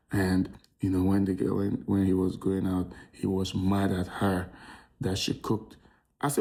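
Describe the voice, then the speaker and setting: This young Nigerian man hosts a comedy podcast, telling a disastrous date story in an exasperated, audience-facing way. His voice sits low and dark with a gravelly fry, and his tone stays warm and mellow. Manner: exasperated, addresses audience as ladies and gentlemen. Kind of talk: comic storytelling monologue.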